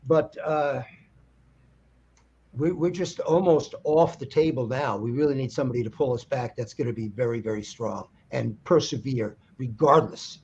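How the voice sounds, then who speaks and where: A male guest songwriter in a casual political chat, emphatic and opinionated, with halting fillers. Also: mid-range voice, a little mellow, breathy edge. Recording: dull lo-fi line.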